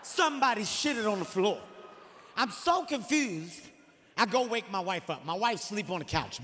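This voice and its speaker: Forties male comic, high-pitched and exasperated, live in a reverberant venue with faint background noise. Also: normal speed. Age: 40s. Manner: animated, exasperated storytelling with profane outbursts. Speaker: stand-up comedian. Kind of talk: stand-up comedy storytelling.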